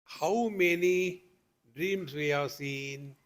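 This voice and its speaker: A man's voice: a little high, drawn-out words. A man who is a swami teaching at a meditation retreat, giving a patient spiritual discourse with homely examples, questions to the listeners and light humor.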